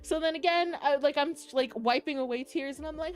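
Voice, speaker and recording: A young woman chats casually with her stream, telling a rambling, emotional story about a meetup, often near tears and laughing, giggling and restarting her sentences. Her voice is high and brisk with few pauses, and soft music plays in the background.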